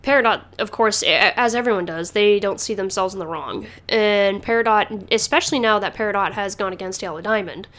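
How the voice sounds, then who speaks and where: A woman talks through her podcast in a loose, rambling way, full of fillers and restarts and frequent laughter. Her pitch sits in a typical middle range for a woman. The delivery is casual and chatty. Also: fairly quick, few pauses, a bit bright. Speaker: podcast host. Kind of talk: casual chat.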